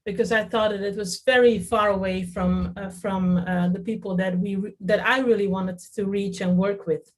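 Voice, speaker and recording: A woman's voice: mid-range voice, steady tone, moderate pace, hardly any pauses. Hesitant Dutch-raised woman in interview. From Netherlands. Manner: hesitant, many fillers and restarts. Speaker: festival artistic director. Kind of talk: interview, reflective talk.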